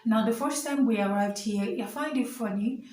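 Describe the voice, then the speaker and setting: A woman's voice: fairly high pitch, moderate pace, darkish tone, echoey room, distant mic, low-quality recording. A young Nigerian woman vlogging to camera while standing, chatty and earnest, with many fillers and asides. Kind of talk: casual vlog talk to camera.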